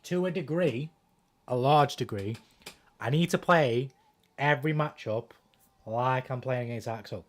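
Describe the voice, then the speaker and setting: A man streaming a fighting game, swearing casually and thinking out loud about his strategy. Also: mid-range voice, unhurried, pauses often. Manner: profane, thinks out loud, self-deprecating. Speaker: gaming streamer. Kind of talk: casual commentary while playing a fighting game.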